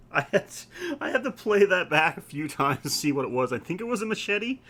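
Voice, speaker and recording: Laid-back halting male podcast host. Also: fairly high pitch, sing-song, a bit bright. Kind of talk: casual chat.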